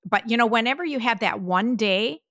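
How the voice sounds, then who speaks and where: Gravelly bright-voiced woman in her fifties. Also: fairly high pitch, brisk, no echo, clean studio sound. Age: 50s. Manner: chatty storyteller, quotes herself in lively voices. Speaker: podcast co-host. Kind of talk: casual chat.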